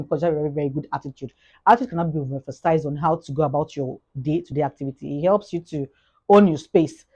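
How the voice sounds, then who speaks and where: Fast-talking Nigerian woman vlogger. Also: sits low, slightly rough, lo-fi sound. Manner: repetitive, fast, grows animated with acted-out anecdotes. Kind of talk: casual motivational monologue.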